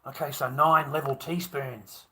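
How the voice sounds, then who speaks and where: Bright-voiced Australian man, swearing a lot. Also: mid-range voice, steady tone, a little slow, a little hiss or hum. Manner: swears a lot, laughs often, calls people mate. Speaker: livestream host. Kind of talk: rambling live-stream chat.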